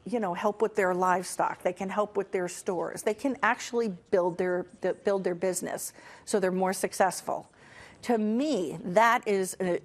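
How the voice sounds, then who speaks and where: A middle-aged woman hosting a casual motivational talk, telling stories earnestly with fillers and restarts. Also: medium pitch. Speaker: host.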